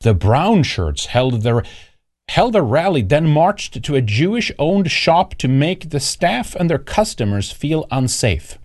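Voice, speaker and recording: A male commentary host who talks back to news clips with sarcasm and rambles through plenty of fillers. His pitch swings widely from line to line, lively and animated. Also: measured pace. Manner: mocking, rambling, lots of fillers.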